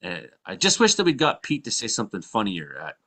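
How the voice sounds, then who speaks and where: A man's voice: fairly low pitch, huge pitch swings, fairly quick, pushed and bright. A man from Canada hosting a casual live show, rambling and laughing often. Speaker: podcast host.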